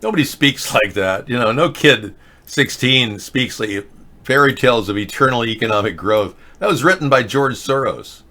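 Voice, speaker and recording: A man's voice: medium pitch, expressive, moderate pace, pushed and bright. A man hosting a show, ranting sarcastically in casual political commentary. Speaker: host.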